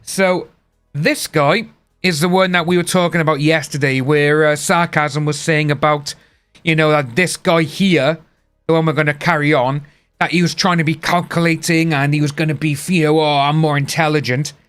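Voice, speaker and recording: Male streamer, casual rambling chat, slightly high voice, soft music underneath. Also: fairly even intonation, normal speed, smooth. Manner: rambling, chatty, reads out chat names. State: hiccups. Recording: faint music behind.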